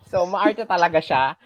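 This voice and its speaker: A teacher with a Filipino accent giving a class lesson, patiently checking in with students and pausing on fillers. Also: mid-range voice, lo-fi sound. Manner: patient, checks in with "okay?" often; hesitant, many fillers and restarts.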